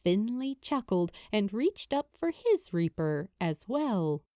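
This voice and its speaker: A woman reading a fantasy novel aloud in a measured storytelling manner. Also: mid-range voice, big pitch swings, warm tone, no room sound, studio quality. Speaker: audiobook narrator. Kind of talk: scripted narration.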